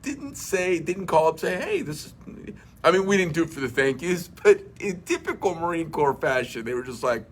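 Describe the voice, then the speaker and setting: A man's voice: on the high side, expressive, brisk, hardly any pauses. A middle-aged man hosting a casual livestream chat, a rambling storyteller who swears bluntly and fills with many uhs and restarts. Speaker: host.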